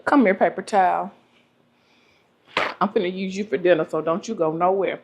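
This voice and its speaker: A young woman telling stories to camera in a vlog, animated and laughing often. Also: lowish voice, muffled recording. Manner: animated, laughs often, talks fast when excited. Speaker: vlogger. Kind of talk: casual storytelling to camera.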